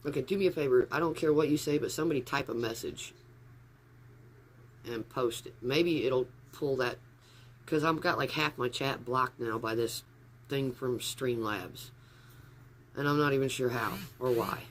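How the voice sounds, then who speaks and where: In an upstairs room at home, a man chats on a casual phone livestream, wandering and easily distracted. His mid-range voice moves at normal speed, and a little hiss or hum is audible.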